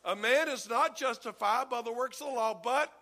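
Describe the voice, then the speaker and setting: Male preacher, high gravelly voice, animated, calls for amens. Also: normal speed. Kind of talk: sermon with congregation read-along.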